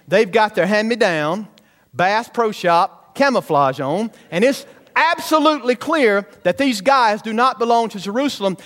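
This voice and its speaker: A man's voice: high voice, a bit bright. A male pastor preaching a sermon, asking the congregation questions as he goes.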